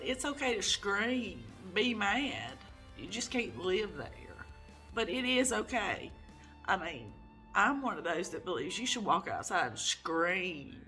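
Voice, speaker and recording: A woman recording a personal video diary, upset and close to tears, speaking haltingly with many fillers. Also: deep voice, sharp tone. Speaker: vlogger.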